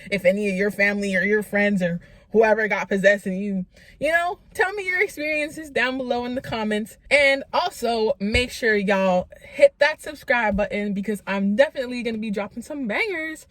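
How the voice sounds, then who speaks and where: A woman with a fairly high voice tells a story to her viewers in a casual vlog. She is animated, sprinkles in "like" constantly and acts out the dialogue. The sound is dry and close to the mic. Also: normal speed, no room sound. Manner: animated, lots of "like", acts out quotes. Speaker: vlogger telling a story.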